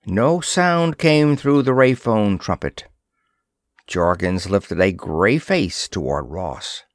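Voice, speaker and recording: Man reading an old sci-fi story aloud, animated voice, very dry close mic. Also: on the low side, slow, no echo. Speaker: audiobook narrator. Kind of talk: scripted narration.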